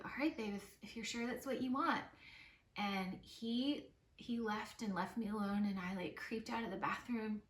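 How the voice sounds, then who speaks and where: A young woman vlogger telling a personal story in a soft, tearful voice, with lots of filler words. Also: medium pitch. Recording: roomy, slightly distant mic with soft music.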